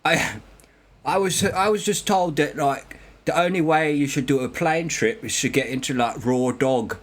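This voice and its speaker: A man's voice: on the high side, moderate pace, natural voice. A man voicing a carefree plane-crash survivor in a put-on Indian accent, singsong and tagging "innit" onto his lines. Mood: matter-of-fact.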